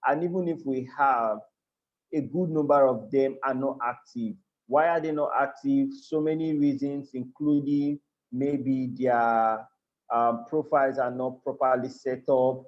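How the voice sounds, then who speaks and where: A man's voice: medium pitch, steady tone, unhurried. Man, Nigerian accent, online class instructor, earnest, repeats himself, muffled call audio. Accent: Nigerian English. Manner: earnest, repeats and restarts phrases, checks in with listeners. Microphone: video call.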